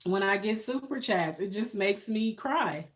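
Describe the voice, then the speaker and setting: Slow-talking emotional woman streamer. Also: medium pitch, animated. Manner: emotional, thankful, soft-spoken, laughs often. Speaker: live streamer. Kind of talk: casual live-stream chat with viewers.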